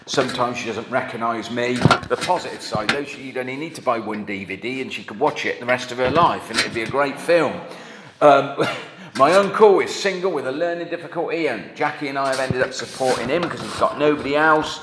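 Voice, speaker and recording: A man's voice: medium pitch, a little fast. A middle-aged man preaching a sermon, earnest and conversational, with wry asides. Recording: echoey hall with faint noise.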